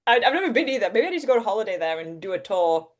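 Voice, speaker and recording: A young woman with a soft Yorkshire accent, chatting as an interview guest, animated and comedic, laughing often. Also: medium pitch, rapid-fire. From Yorkshire, England. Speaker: actor and presenter, guest. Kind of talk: casual interview chat.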